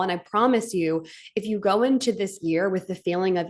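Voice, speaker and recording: Woman, live-stream host, heartfelt and gushing, everyday pitch, webcam sound. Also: fairly quick. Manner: gushing and heartfelt, tearing up at times, fillers like "like". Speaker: host of a live stream for her business community. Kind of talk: emotional motivational live stream.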